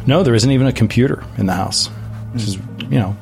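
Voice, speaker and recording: A man's voice: mid-range voice, fast, vocal fry, a little mellow, faint music behind. A man running a tabletop horror game as game master, joking and laughing often with his players.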